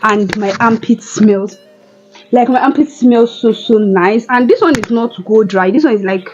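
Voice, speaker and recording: A woman's voice: a little high, moderate pace, a little mellow, muffled recording. A young woman, chatting casually and giggly in a home vlog. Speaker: vlogger.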